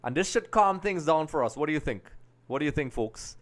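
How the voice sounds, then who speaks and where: A man hosting a live football watch-along, chatting to viewers and getting excited at every chance. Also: a little high, brisk. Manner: chatty, keeps addressing viewers as folks, gets excited at chances. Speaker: live stream host.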